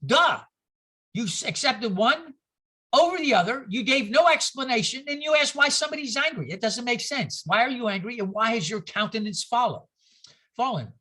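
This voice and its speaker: A minister leads a conversational Bible study with a bright, edged voice at a middle pitch. The talk is animated and full of pointed rhetorical questions thrown out to the listeners. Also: normal speed. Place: church gathering.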